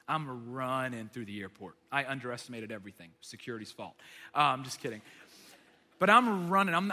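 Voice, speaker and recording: A man preaching a sermon, telling stories in an animated way with quick joking asides. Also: sits high, big-room sound.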